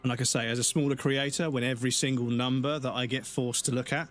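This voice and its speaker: A man streaming live, chatting casually and rambling, swearing freely, his throat slightly rough and dry. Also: medium pitch, steady tone, quick pace, soft background music.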